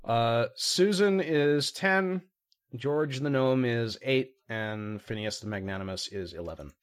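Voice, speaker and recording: A man casually chatting as a player in a tabletop game, hesitant and rambling with many pauses. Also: medium pitch, animated, clear, resonant tone. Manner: rambling, hesitant, full of ums.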